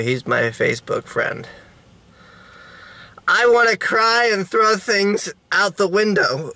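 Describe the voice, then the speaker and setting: A man with a high, bright, ringing voice talks slowly through a video diary, stumbling over restarts and fillers. He is melodramatic and self-pitying in a mock-despairing way. The sound is close and dry, with no room echo. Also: animated. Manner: halting, with many restarts and fillers. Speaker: vlogger.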